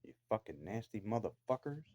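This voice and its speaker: Man, very low voice, dark tone, angry cursing rant, confrontational, dry close sound. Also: very animated, a little fast, dry recording. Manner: profane, accusatory, confrontational. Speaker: vlogger. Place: his own room downstairs in a house.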